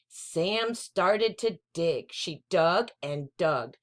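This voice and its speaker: A woman's voice: on the low side, expressive, drawn-out words. A woman hosting a children's storytime, reading a picture book aloud.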